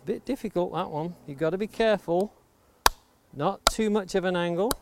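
A man's voice: high-pitched, moderate pace, heavy background noise. Man demonstrating axe carving outdoors. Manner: steady, patient, safety-minded explaining. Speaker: woodworking instructor. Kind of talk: hands-on demonstration. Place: outdoors near the coast. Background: axe chopping clicks.

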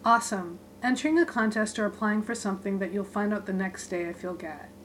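A woman's voice: medium pitch, brisk, a little hiss or hum, low-quality recording. Woman reading clipped spoken-word lists. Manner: clipped, list-like delivery. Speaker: reader of her own short writings.

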